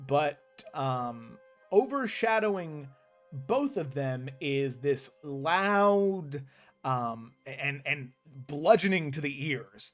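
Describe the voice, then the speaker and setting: A man runs a fantasy tabletop game, narrating scenes in a chatty, meandering way. His voice sits a little high for a man, and he laughs often. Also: animated, slow, soft background music. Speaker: game master.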